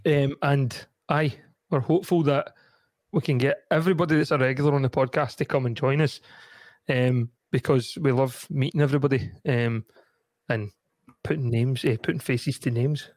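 A man's voice: mid-range voice, steady tone, moderate pace, darkish tone, dry recording. A man with a Scottish accent hosting a casual podcast, chatty with lots of "um"s, speaking in a studio. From Scotland. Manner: chatty, laughing often, frequent ums. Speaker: podcast host.

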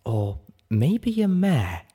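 A man's voice: mid-range voice, huge pitch swings, very slow, dark tone, slightly rough, pitched above the performer's own voice, heavily acted. A man voicing a sultry, refined mare. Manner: sweet, sultry and dramatic. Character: refined female pony singer, sweet and theatrical.

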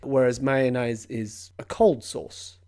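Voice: medium pitch, fairly even intonation, slow, darkish tone. A quiz host reading out questions, explaining answers at length and patiently giving hints. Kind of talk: podcast quiz hosting.

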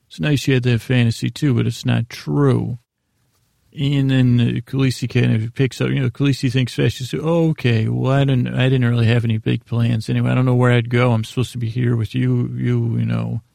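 Gravelly low-key man recapping a show. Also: flat delivery, fairly quick, warm tone, no echo, studio quality. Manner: rambling, paraphrases scenes loosely with fillers. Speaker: podcast host recapping an episode. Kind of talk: casual episode recap.

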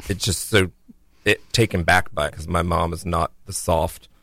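A man co-hosting a podcast, speaking in a measured, reflective way with wry asides. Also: sits low, fairly even intonation, pushed and bright, dry recording. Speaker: podcast co-host. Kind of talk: casual chat.

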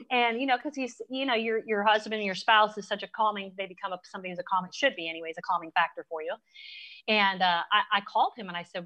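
A woman hosting a live online chat, talking in an earnest, halting way with many fillers. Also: medium pitch, fairly bright tone. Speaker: host. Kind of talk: casual live-stream chat.

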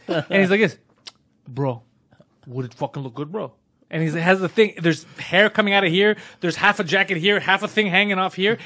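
A man with a high, very lively voice tells a long story in casual podcast chat. He swings up into loud, squeaky impressions of other people and laughs through much of it. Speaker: podcast co-host.

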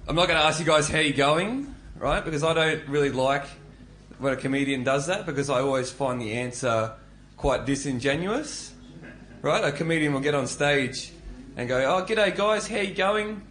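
A man's voice: medium pitch, moderate pace, a bit bright. A man performing a stand-up set. He delivers wry, observational material with rising quips. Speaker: stand-up comedian. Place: comedy club stage.

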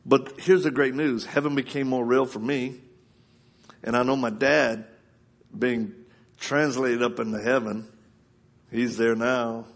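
A man preaching at a live church service in an ordinary, middle-pitched voice. He tells stories with lots of laughter and acts out the people in them. His voice jumps up high when he gets excited. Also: a little slow, long pauses. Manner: animated, laughing storyteller who acts out quoted voices. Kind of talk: storytelling sermon.

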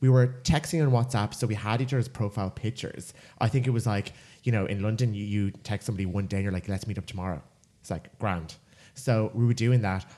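A man's voice: on the low side, quick pace. An Irish man co-hosting a podcast, telling a funny story in a casual chat and acting out the voices in it. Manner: animated storyteller, acts out quoted voices. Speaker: podcast co-host.

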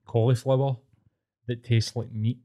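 A Scottish man with a mellow, darker voice at an ordinary pitch, trading enthusiastic, sweary banter. His delivery is loose and conversational, like a podcast co-host chatting with a friend. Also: little pitch movement, unhurried. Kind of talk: casual chat.

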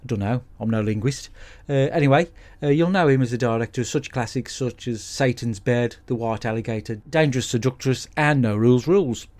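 A man hosting a podcast, recapping a film in a sweary, deadpan, blokey monologue. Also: medium pitch, a little fast. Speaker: podcast host. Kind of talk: comic film review monologue.

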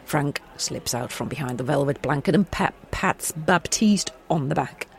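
A woman's voice: low-pitched, moderate pace. A woman co-hosting a podcast who reads a story aloud and chats between passages. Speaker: podcast co-host and story reader. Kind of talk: casual chat and story reading.

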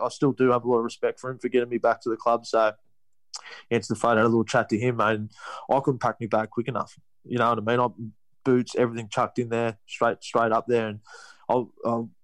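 A man's voice: medium pitch, dry recording, low-quality recording. A young Australian man telling a story in a casual interview, rambling, with many restarts. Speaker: guest, rugby league player.

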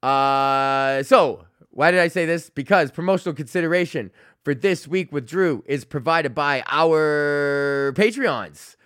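A man's voice: a little high, measured pace, fairly bright tone, smooth, dry recording, clean studio sound. A young man hosting his own comedy podcast, ranting with constant swearing and frequent laughter. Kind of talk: profane solo rant.

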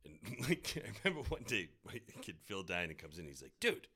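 A man with a New England accent tells rowdy bar stories in a casual podcast chat, his voice swinging widely in pitch. The tone is very bright and forward, and he curses freely as he acts out what everyone said. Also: a little fast. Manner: animated, swears freely, acts out quotes. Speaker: restaurant owner guest.

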